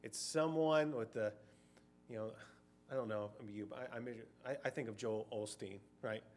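A man's voice: mid-range voice, normal speed, darkish tone. A middle-aged man preaching a sermon in a conversational way, sometimes acting out short quoted voices.

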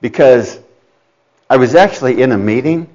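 A man's voice: mid-range voice, lively intonation, moderate pace, a little mellow, lo-fi sound. A man preaching a sermon in a conversational, emphatic way, addressing his listeners directly and acting out quoted parents. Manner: conversational, with restarts and asides to listeners.

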